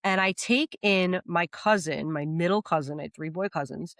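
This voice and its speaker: A woman guest on a podcast telling her life story candidly, animated, acting out what people said and swearing freely. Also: on the low side, moderate pace, no echo.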